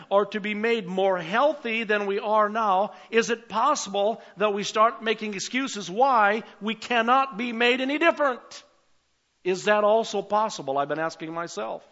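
An older man preaching a sermon as pastor, swinging between emphatic calls and quiet asides. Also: high-pitched, dull audio.

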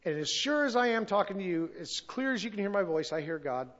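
A middle-aged man tells his own story to a church congregation, earnest and openly emotional. His voice sits a little high for a man. The recording is dull and lo-fi. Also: expressive, quick pace, fairly bright tone. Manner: earnest and emotional, sometimes loses his place. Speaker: church testimony speaker. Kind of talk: personal testimony at a church service.

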